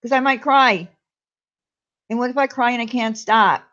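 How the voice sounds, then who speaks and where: A woman's voice: on the high side, moderate pace, pushed and bright, muffled recording. A woman hosting a casual live chat with viewers, speaking candidly and confidingly and greeting them by name. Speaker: live stream host.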